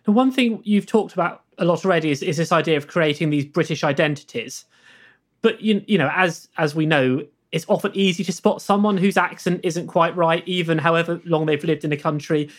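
A man's voice: on the high side, a little fast. Male podcast host asking a question. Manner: hesitant, repeats words. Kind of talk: interviewer questions.

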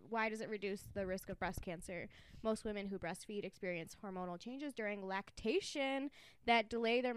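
A woman hosting a podcast in casual chat, talking quickly with frequent laughs and swearing. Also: medium pitch, slight background noise. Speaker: podcast host. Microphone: studio mic.

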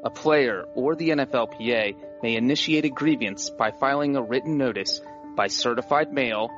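A man on a podcast giving a calm, carefully enunciated dramatic reading of a legal text. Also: mid-range voice, moderate pace. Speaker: podcast guest, football writer. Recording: dull lo-fi sound with music underneath.

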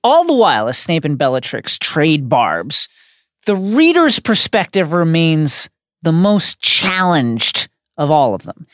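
A man co-hosting a podcast who speaks with emphasis, his pitch rising and falling widely as he makes his points. His delivery sounds like a read-out essay. The mic is close and the sound is dry. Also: sing-song, slow pace, a bit bright, no echo. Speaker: podcast co-host. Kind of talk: casual podcast discussion.

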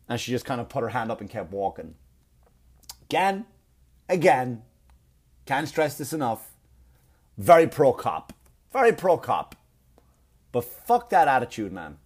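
A man delivering a profane comedic rant, animated and repetitive, often stumbling over his words. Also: mid-range voice, a little slow, pauses often, slightly rough. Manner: animated, profane, repeats himself. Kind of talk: ranting comedic monologue.

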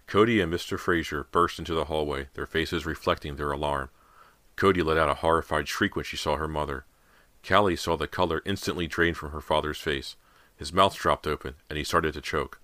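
A man reading a horror audiobook aloud with dramatic, expressive narration, on a close studio mic. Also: extremely low pitch, a little fast, no room sound. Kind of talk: scripted narration.

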